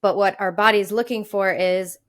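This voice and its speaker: A woman with a bright, forceful voice in a casual podcast conversation. She laughs easily and explains things eagerly. Her pitch sits in a middle range. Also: fairly even intonation, moderate pace.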